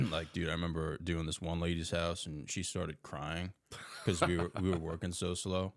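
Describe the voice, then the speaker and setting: A young man with a very low voice tells rough work stories, swearing freely and saying "dude" every other line. The sound is dry and close, with no room behind him. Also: level tone, normal speed, no echo. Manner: loose, profane, says "dude" constantly. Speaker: podcast guest. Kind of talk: casual chat.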